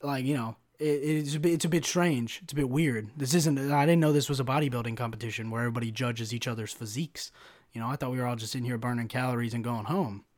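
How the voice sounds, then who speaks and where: A man's voice: mid-range voice, quick pace, a little mellow. A young man hosting a solo podcast rant, profane and sarcastic, constantly saying "bro" and "like". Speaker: podcast host.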